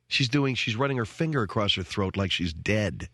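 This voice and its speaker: A man's voice: lowish voice, animated, moderate pace, few pauses, fairly bright tone, husky, no room sound. A man hosting a radio show, ranting in a sarcastic, self-mocking comic monologue from a studio microphone. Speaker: radio talk show host.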